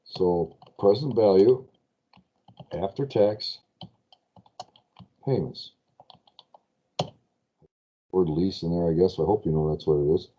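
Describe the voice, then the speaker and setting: A man lecturing a class on lease finance in a spreadsheet, chatty and quick to correct his own slips while asking students questions. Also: sits low, highs cut off.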